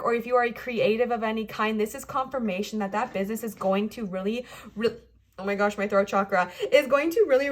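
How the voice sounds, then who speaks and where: A woman giving a pick-a-card tarot reading to camera, fast-talking, gushing and reassuring. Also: a little high, fairly bright tone. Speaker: tarot reader.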